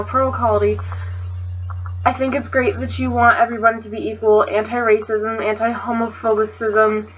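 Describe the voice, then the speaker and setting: Woman vlogger, high voice, indignant storytelling rant, swears freely, dull lo-fi webcam sound. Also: a bit bright, husky. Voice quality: swears freely, loose filler-heavy chatter.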